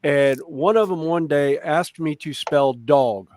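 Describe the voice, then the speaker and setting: A man's voice: fairly high pitch, slow pace, a little mellow, a little hiss or hum. A middle-aged man with a light Southern accent, telling stories in a laid-back casual chat. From born near Chicago, raised in the Carolinas.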